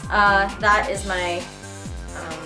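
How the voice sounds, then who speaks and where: A young woman hosting a comedic web news roundup, snarky and playful with quick jokey asides. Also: medium pitch, fairly even intonation, music in the background. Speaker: show host.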